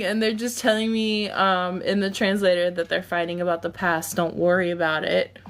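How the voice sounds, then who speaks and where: A woman's voice: on the low side, flat delivery, normal speed, hardly any pauses, clean tone. A woman hosting a livestream, chatting casually with her viewers and often breaking into laughter. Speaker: livestream host.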